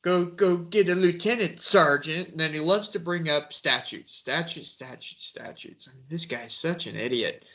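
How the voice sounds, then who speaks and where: A man's voice: on the high side, moderate pace, few pauses, fairly bright tone. A man hosting a casual true-crime commentary, scornful and laughing as he talks about the subject.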